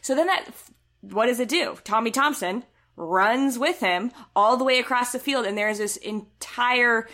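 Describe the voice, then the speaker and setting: A woman's voice: fairly high pitch, a little slow. Chatty woman co-hosting a soccer podcast. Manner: chatty, animated, many fillers, a bit sarcastic. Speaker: podcast co-host. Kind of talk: casual soccer podcast chat.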